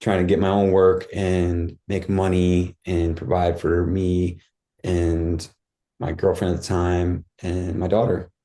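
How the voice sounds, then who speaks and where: In a low, monotone, slow voice with a dark tone, a man guesting on a podcast tells his life story. It's casual and candid, rambling along with plenty of fillers and restarts.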